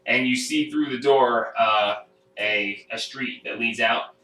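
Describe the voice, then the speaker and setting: A man running a home tabletop game, describing each scene in a halting way with plenty of ums and uhs. His voice is bright and clear, picked up from a distance in a roomy room at home. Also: mid-range voice. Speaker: game master. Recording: roomy sound from a distant mic.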